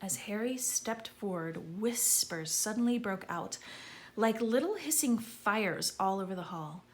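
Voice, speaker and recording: A woman's voice: mid-range voice, a little slow, a little hiss or hum. A woman reading a children's story aloud, calling out names with gusto. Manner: lively, calling out names loudly. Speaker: audiobook reader.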